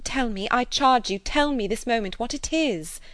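A woman voicing a spirited young gentlewoman who speaks insistently and pleadingly in a raised voice. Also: on the high side, sing-song, moderate pace, no room sound, pitched above the performer's own voice. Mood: alarmed.

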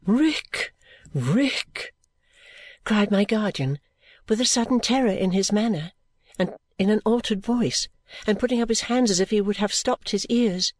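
Male audiobook narrator, high voice, dry close sound, steady reading. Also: normal speed, no room sound. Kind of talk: audiobook reading of a classic novel.

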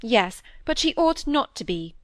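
A woman's voice: medium pitch, very animated, normal speed, dry recording, studio quality, lightly acted. Fussy vain Victorian stepmother, read by a woman. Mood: cross. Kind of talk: audiobook character reading.

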